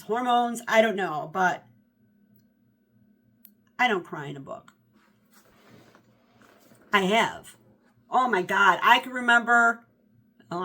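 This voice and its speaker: Bright-voiced chatty woman in her fifties. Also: mid-range voice. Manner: chatty, rambling, animated with self-corrections. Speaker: book vlogger. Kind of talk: casual book review chat.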